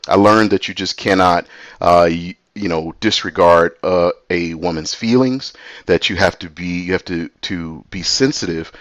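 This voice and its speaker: Male storyteller, middle-aged, casual and animated, close dry read. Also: sits low, moderate pace, no echo. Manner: animated, voices other people in quotes.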